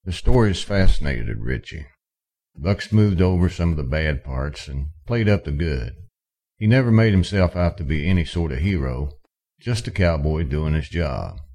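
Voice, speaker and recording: A man reading a western story aloud in steady, measured narration. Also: a bass voice. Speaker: audiobook narrator. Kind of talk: scripted narration.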